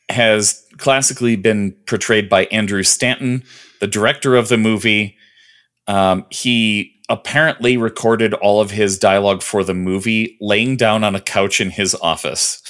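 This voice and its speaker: A man's voice: lowish voice, measured pace, fairly bright tone. A man co-hosting a podcast in casual chat, listing trivia with lots of ums and uhs. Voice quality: rambling, listing trivia with many fillers. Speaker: podcast co-host.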